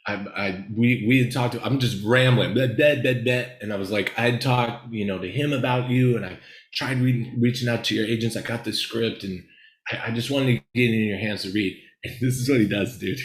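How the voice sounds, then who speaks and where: A man's voice: medium pitch, moderate pace. Rambling, profane male storyteller, roomy sound. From Los Angeles, United States. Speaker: screenwriter guest. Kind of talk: casual storytelling interview. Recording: echoey room.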